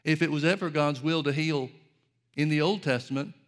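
Earnest preacher man, slightly high voice. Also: moderate pace. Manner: earnest, rhetorical questions, addresses listeners as folks. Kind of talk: sermon.

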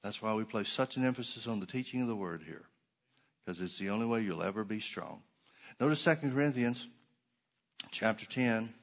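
A middle-aged man preaching a sermon as pastor, emphatic and sometimes sarcastic, slowing down to stress repeated words. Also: on the low side, lively intonation.

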